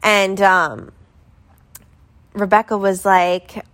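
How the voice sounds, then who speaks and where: Young adult woman, casual storytime, rambling, filler-heavy, mid-pitched voice. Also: little pitch movement, very slow, fairly bright tone.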